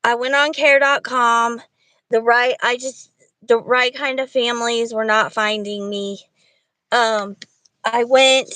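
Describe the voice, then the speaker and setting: A woman's voice: a little high, fairly even intonation, slow, pushed and bright, no room sound, rough recording. A woman in casual livestream chat, rambling and thinking aloud to her viewers. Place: Walmart parking lot.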